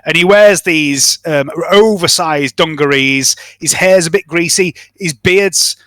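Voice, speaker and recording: A man's voice: a little high, a little slow, sharp tone, dry recording. A man narrating a tabletop game as game master, in a chatty, descriptive way. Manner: chatty, descriptive, laughs easily.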